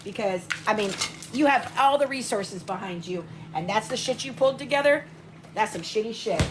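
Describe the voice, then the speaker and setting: A woman with a fairly high voice hosts a livestream from her home kitchen, talking at normal speed over a faint room hum. She rants profanely to her viewers, cursing constantly and hopping between topics as she moves around.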